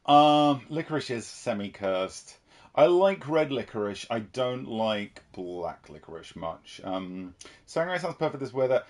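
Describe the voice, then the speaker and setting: A man's voice: medium pitch, very animated, measured pace, darkish tone. A man from the United Kingdom chatting casually while streaming a horror game and reading viewer messages. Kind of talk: casual livestream commentary.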